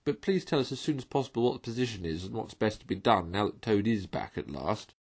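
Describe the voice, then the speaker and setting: A level-headed water rat tries to keep order in a slightly raised, husky voice, as a man puts him on. He is a storybook animal who talks with careful, anxious reason. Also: on the low side, expressive, fast talker. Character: sensible, worried male water rat.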